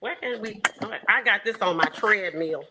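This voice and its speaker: A woman's voice: medium pitch, normal speed, heavy background noise. A woman in her forties with a Texan country accent calls into a show. Her voice sits mid-range, and she talks in a chatty, casual way. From Houston, Texas. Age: 40s. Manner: chatty, talks while busy. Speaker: show caller. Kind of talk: casual call-in chat.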